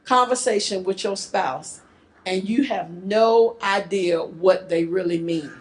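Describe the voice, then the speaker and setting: A woman's voice: mid-range voice, slow pace. A woman co-presenting a seminar on communication in marriage, teaching with playful banter and acting out short dialogues in little character voices.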